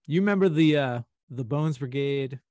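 A man from St. Louis, a podcast co-host, telling a long story in casual chat with an animated, rambling manner. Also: medium pitch, normal speed, no echo. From St. Louis, USA.

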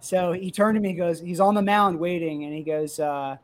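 A middle-aged man, a comic creator and youth baseball coach, telling an excited, emotional story in casual chat. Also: high voice, fairly quick, few pauses.

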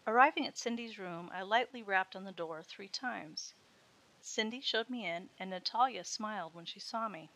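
A woman narrates a scripted story in a steady first-person manner, her voice bright and forward. The pitch sits in a middle range for a woman. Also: moderate pace.

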